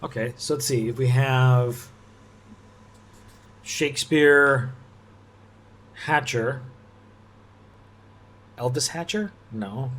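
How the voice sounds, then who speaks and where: A man thinking aloud as he works through a puzzle, musing and halting, often restarting his sentences and laughing softly. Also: mid-range voice. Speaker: puzzle-solving video host.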